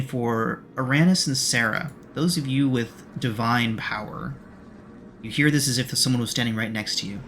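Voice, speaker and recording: Bright-voiced man narrating as game master. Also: medium pitch, slight background noise. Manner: descriptive, measured scene-setting.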